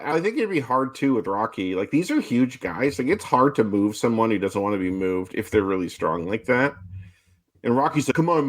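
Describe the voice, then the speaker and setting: Podcast co-host, man, middle-pitched voice, argues his case at length. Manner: argumentative, makes his case in long runs. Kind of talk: casual chat.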